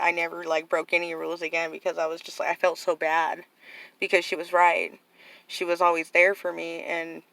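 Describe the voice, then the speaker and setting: A woman's voice: on the low side, gravelly, bright, forceful tone, no echo, poor audio. A middle-aged woman talking casually and earnestly to camera, rambling with lots of "like" and "you know". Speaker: vlogger.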